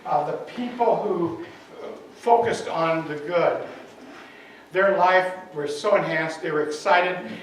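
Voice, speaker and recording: A male minister telling a story in his talk, animated and full of fillers, at a spiritual center. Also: on the high side, slow pace. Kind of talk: sermon storytelling. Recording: echoey hall, far from the mic, faint noise.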